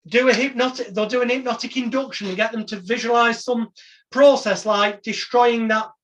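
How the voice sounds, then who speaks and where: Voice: medium pitch, steady tone, moderate pace, fairly bright tone, slight background noise. A hypnotherapy trainer giving a conversational online training lecture over a video call, breaking off at times into samples of hypnotic patter.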